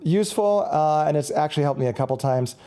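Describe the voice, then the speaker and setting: A man's voice: on the high side, animated, fast, dark tone, clean tone. A man, a musician, giving a casual, rambling product review and often correcting himself mid-sentence. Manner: rambling, chatty, self-correcting.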